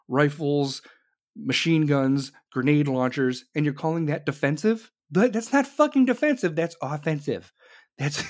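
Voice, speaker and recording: A man from the United States delivering an angry, profane political rant, swearing constantly and throwing in sarcastic mocking asides. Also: fairly high pitch.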